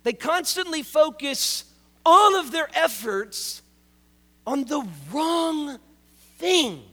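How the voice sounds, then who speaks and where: A man's voice: very high-pitched, lively intonation, takes it slowly, bright, forceful tone. A male pastor preaching a sermon, conversational and joking, who drives points home by repeating key words. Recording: long reverb of a large hall.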